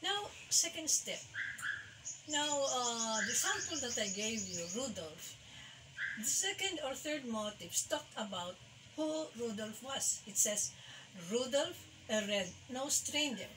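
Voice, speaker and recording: A woman music teacher from the Philippines giving a recorded lesson, halting and full of fillers as she sounds out names by their syllables. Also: fairly high pitch, big pitch swings. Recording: distant mic with faint background hiss.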